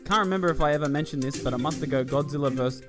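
Young male podcast co-host, fairly high voice, playful, laughs easily. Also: rapid-fire, music in the background. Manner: joking, laughs often, mock news delivery. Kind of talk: casual joking chat.

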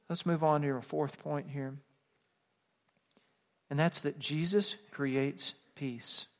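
A male pastor with a high voice delivers a sermon in a church sanctuary, and his words ring out with a long hall reverb. He talks conversationally, dropping to soft asides and then building to emphatic, rising passages.

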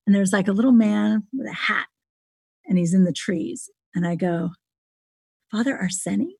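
Husky gravelly woman telling a story. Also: moderate pace, no room sound. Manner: animated, acts out quoted dialogue with pitch jumps. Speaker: podcast guest. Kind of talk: casual storytelling in conversation.

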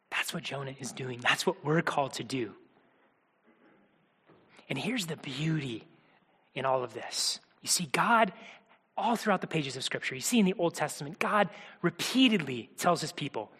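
A man preaching a sermon, earnest, moving between hushed quiet passages and urgent, pressing ones. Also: sits high, normal speed. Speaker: pastor. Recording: long hall reverb.

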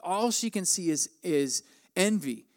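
A man in his forties gives a conversational sermon. His voice sits high for a man. He slips into the people of the story as he quotes them. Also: animated, measured pace. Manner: conversational, acts out quoted lines with raised pitch. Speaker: pastor.

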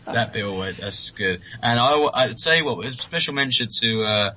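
A British man co-hosts a casual podcast, chatting enthusiastically and laughing easily. His voice is fairly low, bright and forceful, a little fast with few pauses. The recording is rough, with slight background noise.

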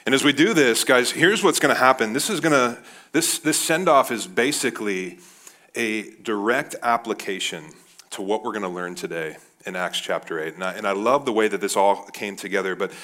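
A man in his thirties preaching a sermon as pastor, animated, often calling his listeners "guys". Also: fairly low pitch, moderate pace. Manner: animated, addresses the crowd as guys.

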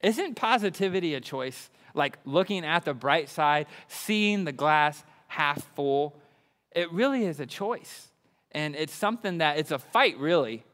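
A young man preaching with bubbly enthusiasm. His voice sits a bit high, and it rings out through a reverberant hall. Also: unhurried. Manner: enthusiastic, excitable. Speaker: pastor. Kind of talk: sermon.

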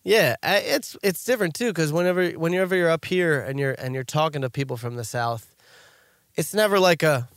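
A man's voice: on the high side, fairly quick, no room sound. A young man in casual podcast chat, rambling with lots of fillers and restarts.

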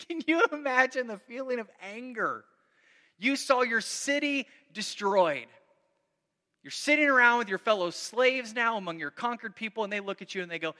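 A male pastor delivering a sermon with a high, piercing voice that rings in a long hall reverb. He reads scripture in a heightened, dramatic way, then drops into loose, conversational asides that stop and restart mid-sentence. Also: normal speed. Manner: animated preaching, reads scripture aloud dramatically; conversational, self-interrupting.

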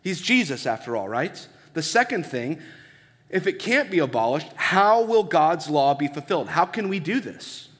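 A man's voice: a little high, very animated, moderate pace, a bit bright. Man preaching in a reverberant hall. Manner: conversational preaching with rhetorical questions. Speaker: pastor. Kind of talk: sermon. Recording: long reverb of a large hall.

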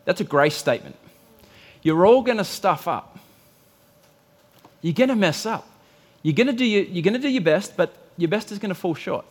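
A pastor in middle age delivers a lively sermon, his voice pitched high for a man. He tells stories and acts out the voices in them, rising loud and high, then dropping low and quiet. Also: normal speed, long pauses. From Australia. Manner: animated storytelling, acting out quotes with big swings of pitch and volume.

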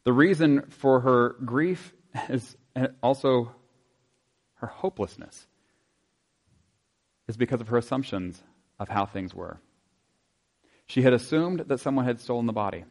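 Man, pastor, conversational sermon, rhetorical questions, soft asides. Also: medium pitch, expressive, a little slow, long pauses.

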